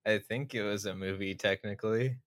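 A man co-hosting a casual comedic podcast, wry and deadpan with frequent laughter. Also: on the low side, fairly quick, dry recording, clean studio sound. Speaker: podcast co-host.

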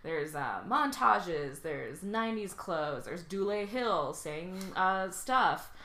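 A woman guest on a podcast, animatedly recapping a film in casual chat with profane jokes and quick asides. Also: on the low side, lively intonation, sharp tone, reverberant.

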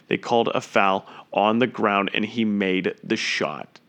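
Excitable man calling a live game. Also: lowish voice, a little slow, hardly any pauses. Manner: excitable, chatty, bursts into loud exclamations. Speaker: fan streaming live game commentary. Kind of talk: casual live play-by-play watch-along.

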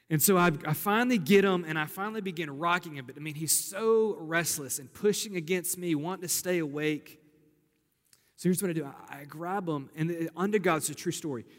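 A young man preaching a sermon in an earnest, conversational way, repeating phrases for emphasis. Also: fairly high pitch. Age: young adult. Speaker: pastor. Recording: hall reverb.

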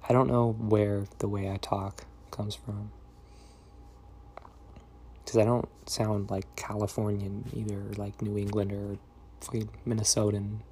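A young man talks straight to his viewers in a loose, wandering monologue that drifts from one thought to the next. His voice sits low and stays fairly monotone. It is full of fillers and trailing asides. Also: a little slow, pauses often, a little hiss or hum. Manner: rambling, meandering, many fillers and trailing thoughts. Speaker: vlogger. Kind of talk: casual rambling monologue.

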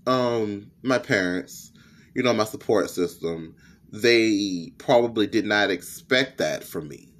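A man's voice: fairly low pitch, slow pace. A young man with a lisp, hosting a candid, profane personal podcast monologue. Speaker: podcast host.

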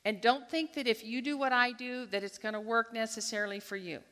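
A woman with a bright, forceful voice pitched a little high tells a personal story at a church gathering, acting out her own thoughts. It is recorded with a long reverb, as if in a large hall. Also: steady tone, brisk, clean tone. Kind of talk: storytelling devotional talk.

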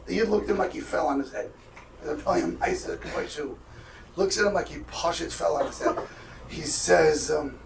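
A man's voice: on the high side, brisk, gravelly, slight background noise. A man, acting out the voices as he tells a story at a camp. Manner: animated storyteller, acting out dialogue with sudden loud bursts. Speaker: camp speaker. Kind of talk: storytelling talk. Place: camp hall. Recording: echoey room, mic far off.

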